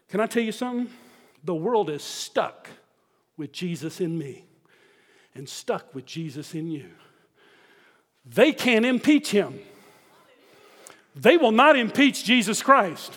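A pastor preaching a sermon, emphatic and full of rhetorical questions put to the congregation. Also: male voice, sits high, a bit bright, big-room sound.

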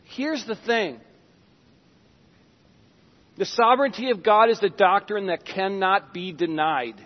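A man preaching a sermon as pastor, dramatic, with sudden hushed drops and acted-out Bible scenes. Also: sits high, slow pace. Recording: dull sound with long hall reverb.

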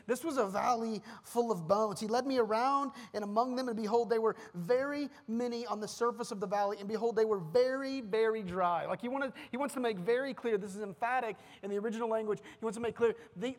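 A man's voice: high-pitched, in a large hall. A man preaching a sermon as pastor, emphatic, with repeated phrases and restarts.

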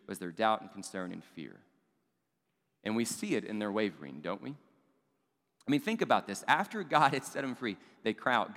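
A man's voice: mid-range voice, a bit bright. A man preaching a sermon as a pastor, earnest and building with emphasis, often posing rhetorical questions. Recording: long reverb of a large hall.

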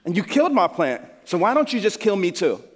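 A pastor putting on a whiny, sulking prophet. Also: male voice, sits high, sing-song, a little fast. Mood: upset. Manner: whiny, melodramatic complaining. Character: sulking prophet, angry grown man, whiny. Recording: long hall reverb.

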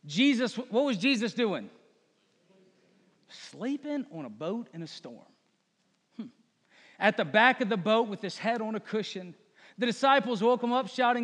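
High-voiced preacher man in a reverberant hall. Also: expressive, measured pace, pauses often, a bit bright. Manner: earnest, emphatic preaching with repeated phrases. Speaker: pastor. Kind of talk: sermon.

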